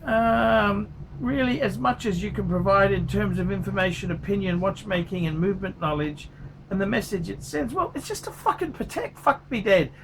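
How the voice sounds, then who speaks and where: A man puts on a foul-mouthed, furious male watch reviewer who rants bluntly and swears in nearly every sentence. His voice is gravelly with a fry at the edges and sits fairly high for a man. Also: expressive, moderate pace, noisy background. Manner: swears constantly, ranting, blunt. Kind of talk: paid watch review rant.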